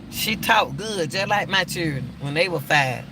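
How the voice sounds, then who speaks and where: A man's voice: a little high, lively intonation, moderate pace, creaky, bright, forceful tone, a little hiss or hum. An older man giving casual, emphatic commentary as a channel host, often repeating himself. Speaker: YouTube commentator.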